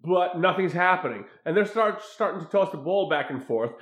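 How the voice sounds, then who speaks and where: A man casually recapping a film scene by scene, crude and animated, mimicking the characters' lines as he goes. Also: high-pitched, brisk, echoey room. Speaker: podcast co-host recapping a film. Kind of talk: casual chat.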